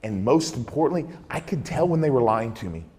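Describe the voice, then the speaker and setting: Male keynote speaker, mid-pitched, dramatic storyteller, long hall reverb. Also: lively intonation, brisk, a little mellow. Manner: dramatic storyteller acting out dialogue. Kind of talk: storytelling talk.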